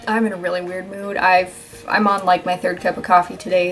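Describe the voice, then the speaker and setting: A woman's voice: fairly low pitch, flat delivery, normal speed, a bit bright, soft background music. A young woman vlogging casual self-help tips, rambling and joking, with casual swearing.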